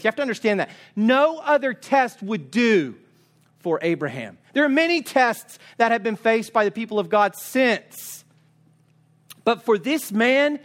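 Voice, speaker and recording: Guy with a high voice preaching, keeps pushing rhetorical questions, really emphatic. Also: a bit bright. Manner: emphatic, urging, asks repeated rhetorical questions. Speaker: pastor. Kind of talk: sermon.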